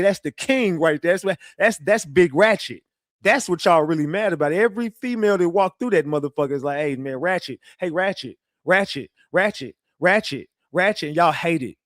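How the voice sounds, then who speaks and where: A livestream commentator rants casually to his chat in a high, slightly quick voice, recorded dry with studio quality. He sounds defensive and boastful, swearing heavily and animatedly, and keeps restarting his sentences.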